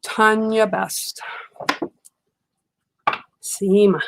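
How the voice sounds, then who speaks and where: An older woman talks in a chatty, reassuring way as she answers her viewers one by one. Her voice has a gravelly, creaky edge at a middling pitch. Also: little pitch movement, drawn-out words. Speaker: livestream reader. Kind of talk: casual livestream talk with viewers.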